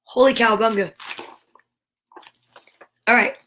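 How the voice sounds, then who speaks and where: A woman's voice: on the high side, slow pace, pauses often, fairly bright tone, a little hiss or hum. A woman hosting storytime, reading a picture book aloud with playful, chatty asides. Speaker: storytime host.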